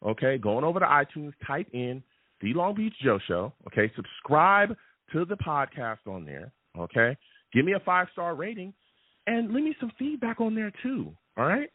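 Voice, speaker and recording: A man hosting a live sports fan show, chatty and animated, who keeps checking in with his listeners. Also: a little high, normal speed, no echo. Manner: animated and chatty, repeats "okay?" and "all right?" often. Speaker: sports podcast host. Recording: tinny phone-like sound.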